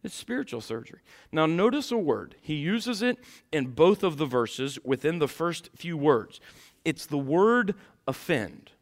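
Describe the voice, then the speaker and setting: Preacher guy, high voice, goes from quiet asides to shouting, talks right to the folks in the pews. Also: big pitch swings, measured pace. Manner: swings from soft asides to loud shouted preaching; folksy, addresses the congregation directly. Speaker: pastor. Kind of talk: sermon.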